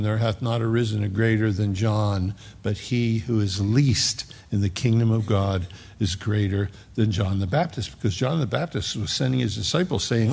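A man preaching in a church sanctuary with an emphatic delivery that swings between loud passages and hushed ones. His voice is gravelly and a little husky. The hall's long reverb trails behind his words. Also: medium pitch. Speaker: pastor. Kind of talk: sermon. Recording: long reverb of a large hall.

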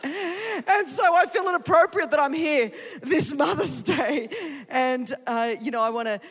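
A woman in her fifties with an Australian accent, preaching an energetic, joking sermon to a church congregation. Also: high voice, unhurried. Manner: exuberant, joking, emphatic. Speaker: guest preacher. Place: large church auditorium. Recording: reverberant church hall.

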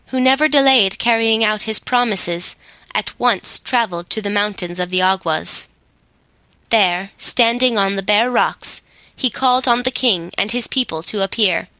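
A woman narrates a storybook chapter in a measured, deliberate reading style. Her voice is bright and forward, her pace unhurried, and the recording is dry and close. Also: mid-range voice, no room sound, rough recording. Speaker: audiobook narrator.

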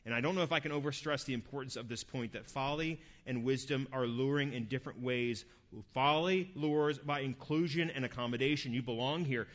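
Male pastor, mid-range voice, earnest sermon delivery with forceful peaks; muffled lo-fi recording. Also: mid-range voice, fairly quick. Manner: earnest, rising to forceful emphasis; repeats and restarts words.

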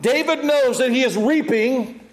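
A middle-aged man preaching a sermon, acting out quotes and swinging from loud calls to hushed, quiet passages. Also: extremely high pitch, unhurried. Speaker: pastor.

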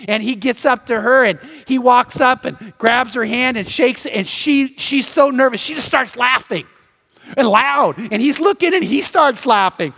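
A man preaching a sermon as pastor, telling a story in an animated way and acting out the voices of the people in it. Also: extremely high pitch, normal speed, vocal fry. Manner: animated, acts out quoted voices. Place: church sanctuary. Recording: long reverb of a large hall.

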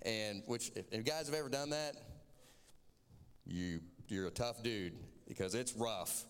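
A man's voice: lowish voice, measured pace, smooth, big-room sound. Southern man preaching through a story. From Florida. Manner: chatty, self-mocking storytelling. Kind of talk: sermon told as a personal story.

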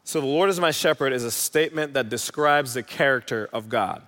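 A man's voice: medium pitch, fairly quick, fairly bright tone. A man preaching a sermon in a church hall, earnest and emphatic, repeating key phrases. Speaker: pastor. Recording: long hall reverb.

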